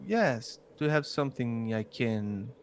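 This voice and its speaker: Slow-talking man playing a tabletop game. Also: medium pitch, lively intonation, a little hiss or hum. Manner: short replies, searching for words. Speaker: player.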